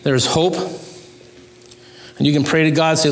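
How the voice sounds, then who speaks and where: A male pastor delivers a sermon in an earnest, pleading way. His voice sits a little higher than most men's, and it climbs further whenever he drives a point home. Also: little pitch movement, normal speed, long pauses. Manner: earnest, pleading, rises in pitch when stressing points.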